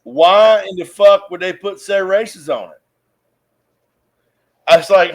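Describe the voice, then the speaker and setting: A man with a notably high voice tells a long story in loose, casual talk. He swears freely and throws himself into the telling. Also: unhurried, pauses often. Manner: profane, animated yarn-spinner. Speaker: podcast host.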